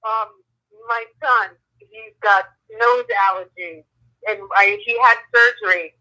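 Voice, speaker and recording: A woman calling in over a phone on speaker, overwhelmed with excitement, tearful and stammering. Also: a little high, slow pace, low-quality recording. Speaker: caller. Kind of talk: phone call on a live show.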